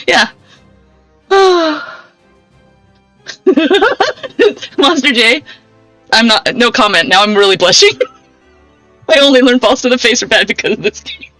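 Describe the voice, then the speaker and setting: A woman's voice: fairly high pitch, a little fast, long pauses, bright, forceful tone, no room sound. A young woman live-streaming a game, chatting with her viewers and laughing often. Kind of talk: casual live-stream chat while gaming. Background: game music.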